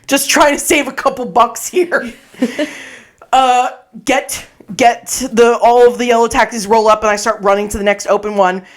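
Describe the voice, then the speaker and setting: Animated storytelling woman, swears and laughs. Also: a little high, moderate pace. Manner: animated, swearing, acts out her own quotes, laughs often. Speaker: podcast co-host. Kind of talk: casual storytelling chat. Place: podcast recording space.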